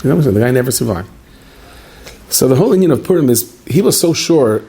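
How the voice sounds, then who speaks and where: Speaking as a rabbi, a man gives a Purim talk before a live audience, telling stories with animation and trading banter with his listeners. His voice is husky and medium in pitch, and he talks fast.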